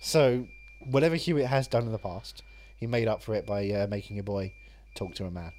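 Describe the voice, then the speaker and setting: A man's voice: lowish voice, fairly quick, darkish tone, slight background noise. A man co-hosting a casual film podcast, joking and riffing. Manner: joking, riffing, slipping into silly put-on voices. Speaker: podcast co-host.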